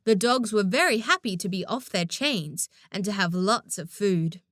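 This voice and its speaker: A woman narrating a children's audiobook in an expressive storytelling manner, close to the mic. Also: medium pitch, normal speed, dry recording.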